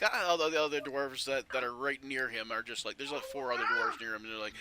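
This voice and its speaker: A man narrating a tabletop game as game master, talking in a halting way with fillers and often clearing his throat. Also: medium pitch, bright, forceful tone.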